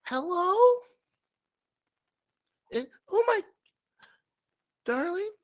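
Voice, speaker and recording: A man's voice: animated, very slow, fairly bright tone, full character voice. Man doing a quavery little old lady. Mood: alarmed. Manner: quavering, high falsetto.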